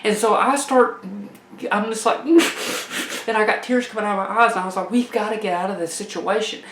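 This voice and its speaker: A woman's voice: mid-range voice, quick pace, echoey room, a little hiss or hum. Folksy woman telling a comic story. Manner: folksy, animated, laughs through the story. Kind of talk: comedic personal storytelling.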